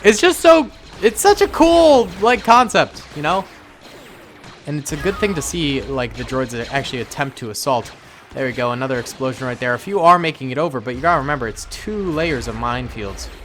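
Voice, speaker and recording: Excitable man commentating a battle game. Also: mid-range voice, fairly quick, a little hiss or hum. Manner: excitable, gleeful, lots of exclamations and laughter. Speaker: gameplay commentator.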